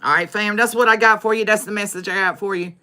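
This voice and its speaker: A woman's voice: mid-range voice, fairly even intonation, fast talker, bright, forceful tone. A woman closing a tarot livestream in an emphatic, repetitive, preacher-like way. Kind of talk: spiritual livestream sign-off.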